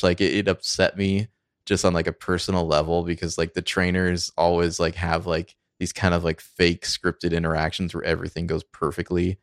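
Very deep-voiced man, full of fillers. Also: smooth, no echo, clean studio sound. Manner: filler-heavy, hesitant. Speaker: podcast co-host. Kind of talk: casual movie review chat.

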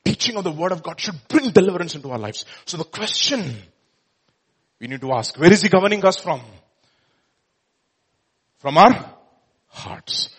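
Husky-voiced preacher. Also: male voice, high-pitched, expressive, moderate pace, long pauses. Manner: emphatic, rhetorical questions, acts out quoted speech. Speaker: pastor. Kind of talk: sermon.

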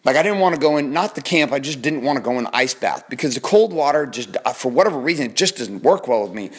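A man in his thirties, a podcast host telling a personal story with dramatic intensity, building tension with pauses and slow emphasis. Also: mid-range voice, expressive, slightly rough, no room sound.

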